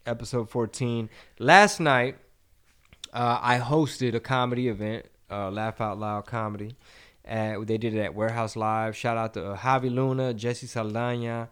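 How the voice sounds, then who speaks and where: A man's voice: mid-range voice, steady tone, normal speed, a bit bright, clear, resonant tone. A young man from Texas co-hosting a podcast, telling stories in a loose, casual way. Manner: laid-back storyteller, acts out voices in anecdotes. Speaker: podcast co-host and comedian.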